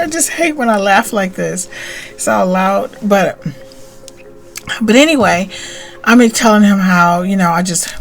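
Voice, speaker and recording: A middle-aged woman hosting her own channel, telling a personal story in a rambling, chatty way that keeps interrupting itself. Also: lowish voice. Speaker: channel host. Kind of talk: casual storytelling to camera.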